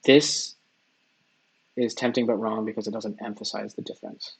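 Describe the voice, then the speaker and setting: A man working through practice test questions out loud, half-reading and mumbling his reasoning as he goes. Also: lowish voice, little pitch movement, normal speed, vocal fry, breathy edge, rough recording. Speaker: test-taker and tutor. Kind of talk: think-aloud practice test, muttering while reading.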